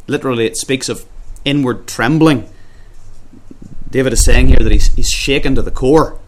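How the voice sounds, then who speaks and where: A man preaching an earnest expository sermon, often repeating words and slowing down when he quotes scripture. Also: mid-range voice, slight background noise. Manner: slows down when quoting scripture.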